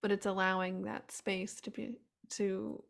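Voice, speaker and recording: A woman hosting a podcast interview, talking in a halting way and searching for her words. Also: medium pitch, level tone, gravelly. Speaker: podcast host.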